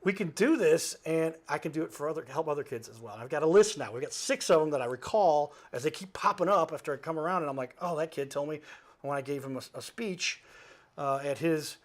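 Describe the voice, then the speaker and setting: Animated man telling a rambling story. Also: fairly high pitch, a little fast. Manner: animated, jumps between asides and self-corrections; laughs while he talks. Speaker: talk show host appearing as a guest.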